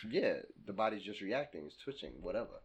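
A man co-hosting a casual podcast chat, animated and incredulous, firing off questions. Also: lowish voice, fairly quick, husky. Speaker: podcast co-host.

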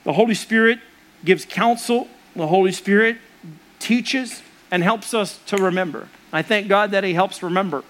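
High-voiced man preaching a sermon. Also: moderate pace, a bit bright. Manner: earnest, conversational preaching with acted quotes. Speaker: pastor.

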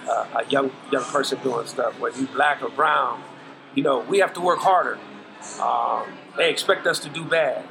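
A man's voice: medium pitch, gravelly, rough recording. A middle-aged man, a podcast guest, giving earnest, preachy life advice in casual talk full of slang. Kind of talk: casual interview chat.

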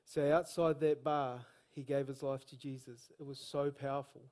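A man preaching a sermon in a church service, telling stories in a lively, slangy, evangelistic way. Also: medium pitch, normal speed. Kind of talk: sermon storytelling.

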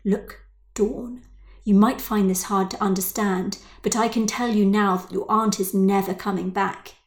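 A woman's voice: mid-range voice, steady tone, measured pace, lightly acted. A woman voicing a sly, cold mother whose words sound sweet but hollow. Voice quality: sticky, sly, falsely sweet.

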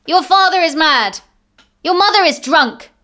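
A huge male load carrier, desperate and straining, shouts in a strangled, shrill voice, voiced by a woman reading aloud. His cries climb very high and come out forceful. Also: big pitch swings, drawn-out words, full character voice. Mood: strained shouting.

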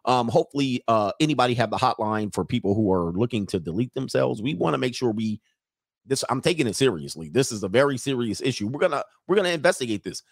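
A man hosting a casual live commentary stream, loud and joking, with slangy asides and drawn-out exclamations. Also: medium pitch, expressive, creaky, dry recording, studio quality. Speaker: livestream commentary host.

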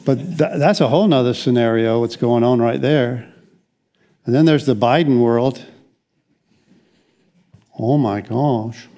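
A man's voice: medium pitch, normal speed, dark tone. An older man preaching a conversational sermon as pastor, rambling along with frequent restarts and wry asides.

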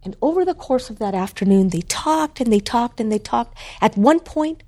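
A woman, an author and guest, telling a story in a conversation with an animated, expressive delivery. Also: on the high side, normal speed.

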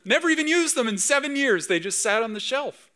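A man from Canada in his thirties preaching a sermon in a high, bright voice. He talks in a conversational, storytelling way and rises with animation at key moments. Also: lively intonation, brisk. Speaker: pastor.

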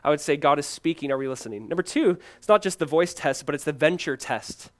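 A male pastor preaching a sermon, swinging from loud emphatic lines to hushed, pleading ones and repeating key phrases. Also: fairly high pitch, expressive, fast.

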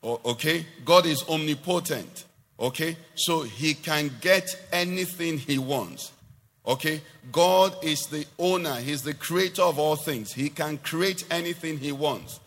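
A man's voice: fairly high pitch, measured pace, fairly bright tone, big-room sound. A man preaching a sermon to a congregation, asking questions and rising into emphatic declarations.

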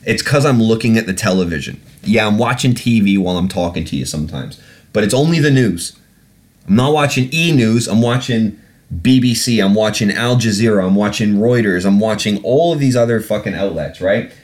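A man's voice: fairly low pitch, expressive, brisk. A man hosting a podcast, ranting in a sarcastic, heavily swearing way and repeatedly getting irate before apologizing. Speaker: podcast host. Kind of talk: casual podcast rant.

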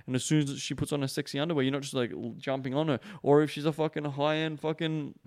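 A man's voice: fairly high pitch, level tone, fast, few pauses, darkish tone, no room sound, studio quality. A man giving a casual coaching monologue as a dating coach, heavily profane, rambling and emphatic.

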